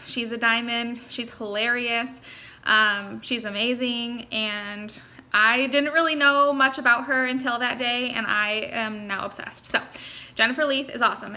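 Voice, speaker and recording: A woman's voice: on the high side, sharp tone. A young woman giving an earnest, encouraging motivational talk to her sales team, speaking straight to her listeners. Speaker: network marketing team leader.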